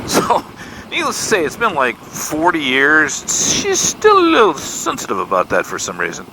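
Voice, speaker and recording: A man around sixty, a Michigan motorcycle vlogger, speaks at normal speed in a medium-pitched voice as he rides outdoors on country roads. With faint road and vehicle noise in the background, he shares an embarrassing story, folksy and self-deprecating, bringing the dialogue to life.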